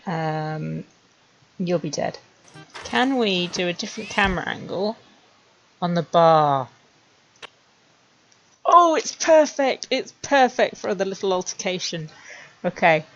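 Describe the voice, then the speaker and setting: A woman streamer chatting wryly to herself as she builds animated scenes, laughing at her own jokes. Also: fairly low pitch, lo-fi sound, a little hiss or hum. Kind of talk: casual commentary while making a 3D animation.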